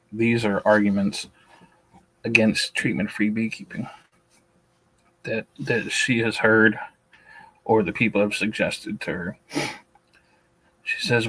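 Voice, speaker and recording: A man's voice: fairly low pitch, fairly even intonation, slow pace, pauses often, a bit bright, husky, no echo, rough recording. A man hosting a beekeeping talk stream, blunt and opinionated, speaking with a shaky voice and often restarting his sentences. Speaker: beekeeping channel host. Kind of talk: casual livestream talk, reading and answering a list.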